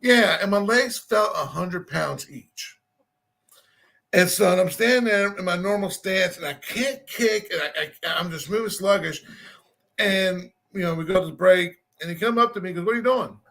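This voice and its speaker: A man's voice: sits high, moderate pace, creaky, a bit bright. A man telling a rambling, self-deprecating story in a casual chat.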